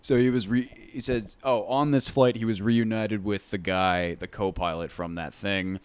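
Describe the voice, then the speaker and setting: A man's voice: on the low side, fairly even intonation, moderate pace, clean tone. A man in casual chat, joking and swearing, who sometimes reads facts aloud. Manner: profane, joking, reads aloud from a phone or page.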